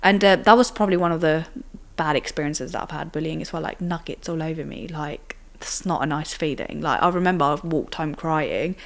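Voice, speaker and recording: A young woman with a slightly low voice talks as an interview guest. She recounts personal experiences in a loose, chatty way. Her sentences are strung together with constant fillers and tag questions. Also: brisk. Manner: chatty, filler-heavy with frequent "like" and "do you know what I mean". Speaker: podcast guest.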